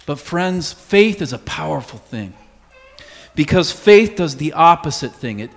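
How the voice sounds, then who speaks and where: A man preaching a sermon as pastor, earnest, dropping to a hush on key words. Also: fairly high pitch, lively intonation, unhurried, vocal fry, in a large hall.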